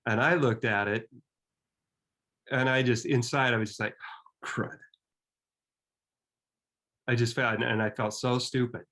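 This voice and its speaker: A man's voice: mid-range voice, steady tone, a bit bright. Earnest reflective man in his fifties. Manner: earnest and reflective, with halting restarts. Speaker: storyteller. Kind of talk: personal storytelling.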